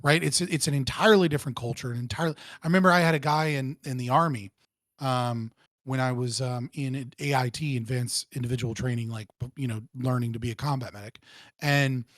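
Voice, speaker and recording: A man guest in a casual political debate, animated and profane, who often restarts his sentences. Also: mid-range voice, fairly quick, no echo.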